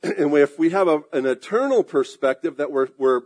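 A man with a slightly raised pitch preaches a sermon. He stretches out his emphatic lines, then drops into soft, quick asides. Now and then he clears his throat. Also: expressive. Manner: preaching with emphatic drawn-out phrases and sudden asides. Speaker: pastor.

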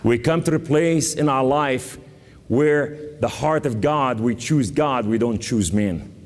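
A man from southern Lebanon with a southern Lebanese accent, preaching a sermon with fervor, moving between loud declarations and low solemn passages. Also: slow. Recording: long hall reverb.

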